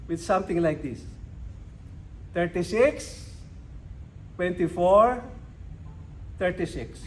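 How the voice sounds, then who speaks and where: Slow, emphatic older man giving a speech. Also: sits high, a little hiss or hum, rough recording. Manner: slow, emphatic delivery with dramatic pauses. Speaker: club speaker. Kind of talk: educational speech to a club. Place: club meeting room.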